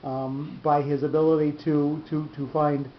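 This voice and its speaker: A man teaching a study session who explains slowly, with fillers and restarts. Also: level tone. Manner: halting, many restarts and fillers, slows to spell out terms. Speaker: Torah teacher. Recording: dull echoey room with faint rumble.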